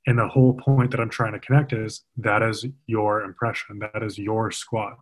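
Casting: man, lowish voice, coach explaining movement with earnest emphasis. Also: flat delivery, moderate pace, few pauses, low-quality recording. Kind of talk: casual podcast conversation.

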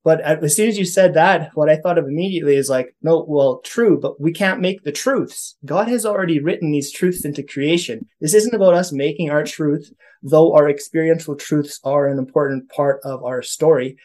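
Man from Canada, higher than average voice, earnest, thinks out loud. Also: normal speed. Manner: earnest, thinking aloud with many restarts. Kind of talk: casual podcast chat on faith.

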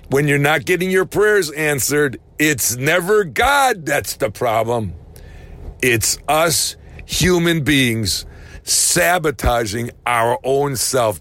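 A man preaching a sermon, animated, rising to shouts and slowing down hard on key phrases. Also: a little high.

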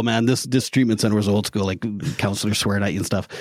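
A man with a lowish voice speaks candidly as a podcast guest, cursing casually and breaking into laughter. His voice sits close and dry, with no room sound around it. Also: fairly quick, darkish tone, dry recording. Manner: candid, swears freely, laughs often. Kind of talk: casual interview chat.

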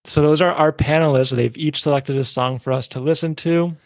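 A man hosting a music podcast, introducing panelists and songs in a smooth, prepared way. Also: on the high side, steady tone, fairly quick, no room sound, clean studio sound. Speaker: podcast host.

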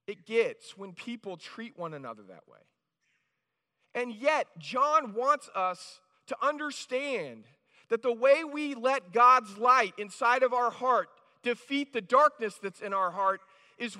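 A man's voice: extremely high pitch, sharp tone. A male pastor preaching a sermon in a conversational way, often restarting phrases and checking in with the congregation. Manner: conversational, with frequent restarts and "right?" asides. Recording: reverberant hall.

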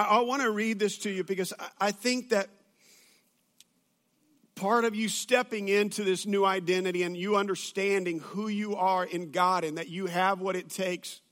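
A man's voice: sits high, fairly bright tone. A man, a pastor preaching a sermon to a church audience, telling stories with humor and plenty of fillers and restarts.

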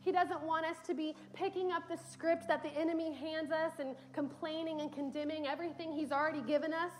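With soft music in the background, a young woman preaches in a church sanctuary, her high voice barely moving in pitch and fairly quick. Her storytelling is earnest and peppered with casual fillers.

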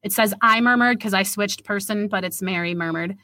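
Woman, podcast co-host, reading her own story, animated, bright voice, dry recording. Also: medium pitch, a little fast, no room sound. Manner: animated reader, laughs at herself.

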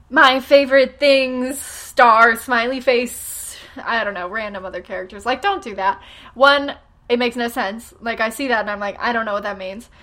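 Bright chatty young-sounding woman. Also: on the high side. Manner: chatty, sarcastic, self-deprecating, many fillers. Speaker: blogger and podcast host. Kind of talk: casual solo podcast talk. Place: home room, typing audible.

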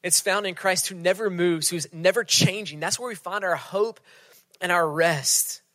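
A man's voice: sits high, moderate pace, dry recording. Conversational male preacher, dry sound. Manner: conversational preaching, drops to soft near-whisper for emphasis. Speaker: pastor. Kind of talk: sermon.

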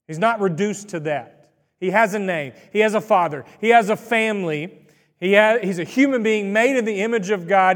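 A man's voice: high voice, in a large hall. A man preaching a sermon in a conversational, folksy storytelling way, with asides to the congregation. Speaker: pastor.

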